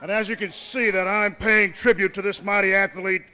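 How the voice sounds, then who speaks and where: Casting: male wrestling manager, high bright voice, pompous and commanding. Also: flat delivery, moderate pace, some chatter behind, a little hiss or hum. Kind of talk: boastful wrestling promo.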